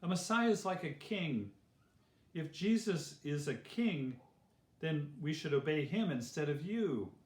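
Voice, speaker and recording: A man's voice: a little high, expressive, measured pace. A man voicing angry, scheming city rulers in a children's story, insistent and heated. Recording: roomy echo.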